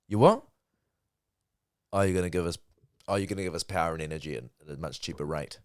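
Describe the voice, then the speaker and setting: A man's voice: deep voice, quick pace, dry recording, studio quality. A young man in his twenties with a New Zealand accent, co-hosting a casual podcast with jokey, rambling banter. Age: 20s. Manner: jokey, mock-ad rambling, drops to a mumble. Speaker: podcast co-host.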